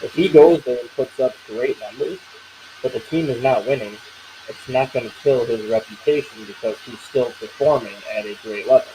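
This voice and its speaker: A man on a sports talk panel, calmly laying out his argument step by step. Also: medium pitch. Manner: measured, lays out scenarios step by step. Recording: noisy background.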